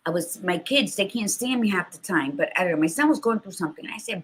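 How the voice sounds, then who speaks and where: A woman's voice: on the low side, lively intonation, fast talker, hardly any pauses, husky. A woman co-hosting a podcast, giving blunt, profane motivational talk in a casual chat. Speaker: podcast co-host.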